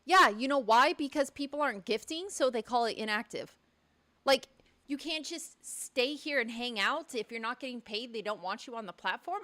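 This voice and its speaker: A woman livestreams casually from her home studio in a fairly high, lively voice, speaking at normal speed with a pushed, bright quality. She's chatty and outspoken and swears when annoyed, and her studio mic picks up the room.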